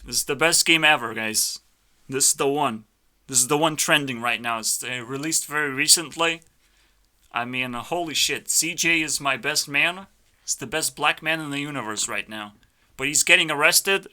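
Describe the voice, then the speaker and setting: Brash, swearing man with a sharp voice. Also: on the high side, moderate pace. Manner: brash, swearing, mock-arrogant ranting. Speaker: YouTuber. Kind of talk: live reaction commentary. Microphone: headphones on, desk mic.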